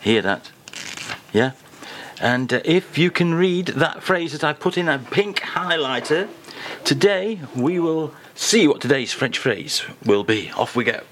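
A man's voice: unhurried, a little hiss or hum. A man hosting a playful, joking chat at a table. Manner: playful, joking, lively rises in pitch. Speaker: host. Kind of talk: casual chat.

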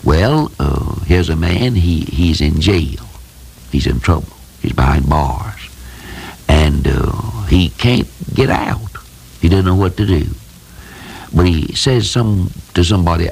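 A man's voice: extremely low pitch, animated, unhurried, vocal fry, darkish tone, husky. A man preaching a sermon in a folksy, plain-spoken, emphatic way, telling simple stories.

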